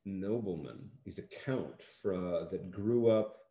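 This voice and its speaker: An American man, an actor, chatting in an interview in a halting, rambling way with lots of fillers and dry humor. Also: deep voice, animated, dark tone, echoey room, dull audio. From United States. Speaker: actor interviewed about a film. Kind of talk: casual interview chat.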